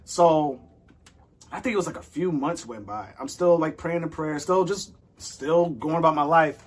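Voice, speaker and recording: A man sharing a personal faith story in casual conversation, animated and acting out his own thoughts and the lines of others. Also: on the high side, moderate pace. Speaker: guest.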